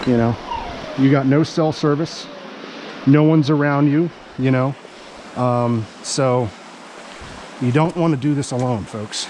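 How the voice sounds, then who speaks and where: Out of breath after a hill climb, a middle-aged man vlogs by a cave in a casual, folksy way, chatting and speaking sweetly to a stray dog. His mid-range voice is steady, unhurried and a little mellow, with long pauses and slight background noise.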